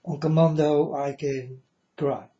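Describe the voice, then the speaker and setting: A man's voice: fairly high pitch, steady tone, dark tone. A man speaking to his viewers in a casual spiritual monologue, repeating himself and often checking whether the listener understands. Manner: slow, repetitive, keeps asking the listener "you understand?". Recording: dull lo-fi recording.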